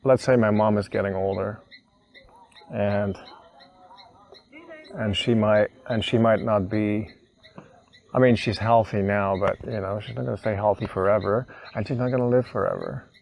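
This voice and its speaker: A young man telling an emotional personal story, halting and repeating words as he chokes up with tears. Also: fairly low pitch, fairly even intonation, gravelly, darkish tone, low-quality recording. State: tearful. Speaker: vlogger.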